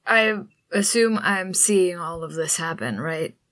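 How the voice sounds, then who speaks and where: A woman at a tabletop game, chatting casually in a mid-pitched, ordinary voice. She asks thoughtful questions about what her character sees. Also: unhurried, a bit bright. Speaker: player. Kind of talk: casual chat while playing a tabletop game.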